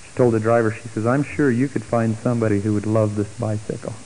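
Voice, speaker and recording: Middle-aged guy telling his testimony, mellow warm voice, jumps way up when he acts out what people said. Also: fast, a little hiss or hum, poor audio. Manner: animated, acts out quoted speech with big pitch jumps. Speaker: storyteller giving a testimony. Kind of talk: personal testimony story.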